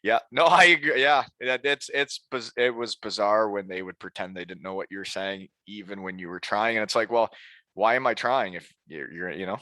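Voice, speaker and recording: Bright-voiced man, easygoing podcast host. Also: fairly low pitch, a little fast, dry recording. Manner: easygoing, chatty, jokes and puts on mock German phrases. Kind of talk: casual chat. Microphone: close podcast mic.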